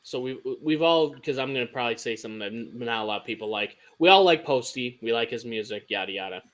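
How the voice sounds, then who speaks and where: A man's voice: medium pitch, animated, quick pace, fairly bright tone. A man co-hosting a podcast in casual chat, telling stories animatedly and acting out quotes. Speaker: podcast co-host.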